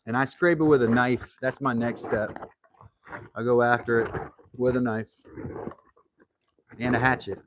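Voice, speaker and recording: Tanning hide in his indoor home workshop, a middle-aged man runs a laid-back leather-working live stream, kidding around and faking an Irish accent for fun. He speaks at medium pitch with fairly even intonation, unhurried and pausing often, over a noisy background.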